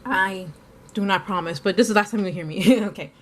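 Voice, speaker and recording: A woman's voice: medium pitch, fairly quick. A woman chatting casually through an art vlog, rambling with lots of fillers and self-corrections, sometimes talking while eating. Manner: talks while eating at times. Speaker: art vlogger.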